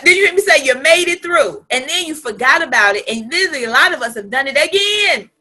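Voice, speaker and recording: Animated woman coach, forties, bright high delivery, casual and chatty, for a team pep talk. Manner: animated and colloquial, with laughing asides. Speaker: business coach.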